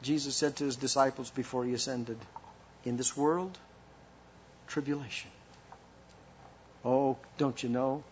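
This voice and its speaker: A man's voice: mid-range voice, fairly even intonation, a little slow, pauses often, a little hiss or hum. Impassioned male preacher, muffled recording. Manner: impassioned, rising and falling delivery with rhetorical questions. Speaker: pastor. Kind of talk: sermon.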